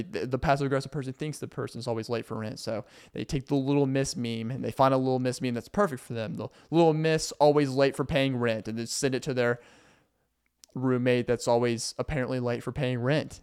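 A man's voice: medium pitch, a little mellow, clean tone. A young man from Arkansas in a casual, rambling vlog monologue, sarcastic and full of fillers. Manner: rambling, sarcastic, acts out mock voices of passive aggressive people. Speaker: vlogger.

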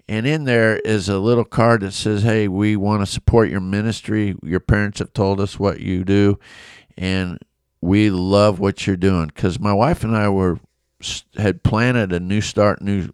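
A man preaching a devotional Bible talk as a pastor, telling a personal story with animated energy and frequent chuckles. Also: low voice, smooth, no echo.

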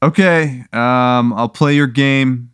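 A man in a casual comedy podcast chat, answering in a hesitant, deadpan way. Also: mid-range voice, slow pace, smooth, no echo. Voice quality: deadpan, hesitant, uses "uh" a lot. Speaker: podcast guest.

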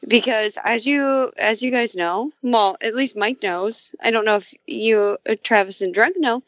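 A woman's voice: fairly high pitch, a little slow, fairly bright tone, no room sound. Brash woman guest on a lo-fi line. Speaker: podcast guest and streamer. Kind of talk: casual chat.

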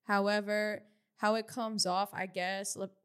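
A woman's voice: mid-range voice, level tone, unhurried, clear, resonant tone. A woman co-hosting a podcast, chatting bluntly with many restarts and fillers. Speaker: podcast co-host. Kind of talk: casual opinionated chat.

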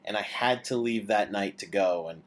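Low-pitched male podcast host, rambling and hesitant. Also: moderate pace. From Canada. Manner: rambling, hesitant, many restarts. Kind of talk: casual chat.

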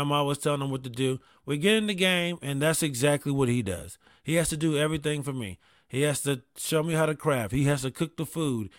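A man telling casual comedic stories about gaming with his kid, profane and animated, with quick asides. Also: on the high side, no echo, studio quality.

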